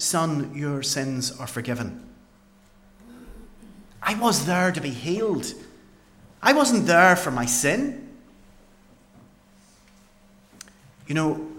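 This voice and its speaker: A man performing a dramatic first-person Bible monologue as a paralysed man healed by Jesus, with earnest storytelling and dramatic pauses. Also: medium pitch, fairly bright tone, natural voice. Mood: amazed.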